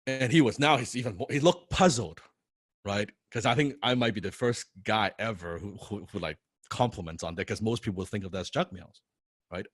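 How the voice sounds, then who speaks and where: Low-voiced man telling a lively story. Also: brisk, husky, no echo, clean studio sound. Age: young adult. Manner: animated, repeats words, laughs often. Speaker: business coach. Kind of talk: casual motivational storytelling.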